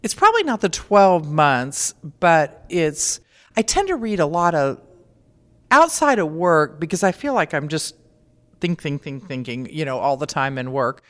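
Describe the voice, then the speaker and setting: A woman's voice: sits low, big pitch swings, unhurried, a bit bright. A middle-aged woman, a veterinarian, answering interview questions in a plainspoken, practical, matter-of-fact way. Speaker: veterinarian guest. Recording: long reverb.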